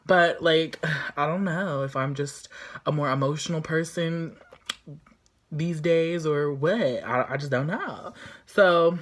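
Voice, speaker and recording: A woman talks through her thoughts on a show episode in a loose, casual recap. Her voice sits low, and she rambles with plenty of fillers and sudden lively reactions. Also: slow. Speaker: show reviewer.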